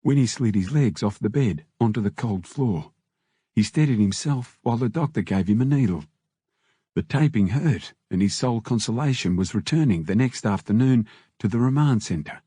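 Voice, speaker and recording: A man reading an audiobook in steady scripted narration on a close mic. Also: lowish voice, normal speed, breathy edge, dry recording.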